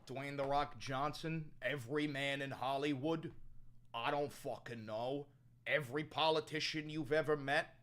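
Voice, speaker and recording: In a comedy sketch, a young man with a natural voice plays a brash, foul-mouthed livestreamer who calls everyone "brother." His bright, pushy delivery is swaggering and profane as he rants, lurching between low mumbling and loud shouting.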